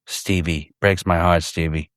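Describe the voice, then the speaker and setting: Podcast guest, male, deep voice, dry handheld-recorder sound, loose and profane, lots of restarts. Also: a bit bright, no room sound. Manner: rambling, profane, many restarts. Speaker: podcast guest, fellow podcast host. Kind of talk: casual in-person chat. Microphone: handheld portable recorder.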